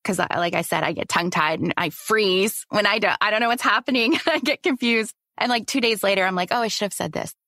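A woman's voice: medium pitch, fairly quick, hardly any pauses, sharp tone, dry recording, studio quality. A woman who is a coaching client, speaking openly and self-reflectively, often laughing. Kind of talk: casual chat.

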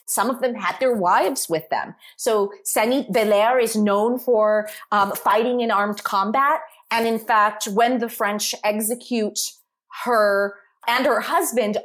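A woman guest talking through a history topic on a podcast, explaining at length in a lively way with asides. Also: a little high.

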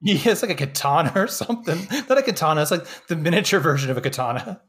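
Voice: medium pitch, expressive, fast. A podcast co-host chatting casually about a film and dropping dry, joking asides. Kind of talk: casual movie review chat.

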